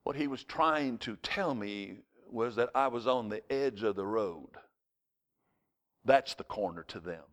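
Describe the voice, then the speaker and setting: Male pastor preaching; lively storyteller who acts out shouting voices. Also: on the low side, a little slow. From United States. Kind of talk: sermon.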